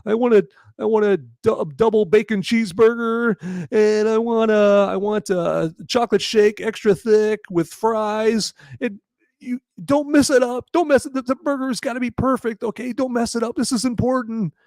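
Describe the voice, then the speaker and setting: A man squeaking out a whiny pleading inmate. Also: steady tone, normal speed, few pauses, darkish tone, no room sound, studio quality. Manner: high strained pleading voice. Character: distraught male death-row inmate, whiny.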